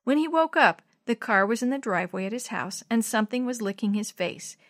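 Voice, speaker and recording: A woman's voice: a little high, animated, a little fast. A woman reading a children's chapter book aloud in a scripted narration, lifting her voice for the dialogue. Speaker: storybook reader.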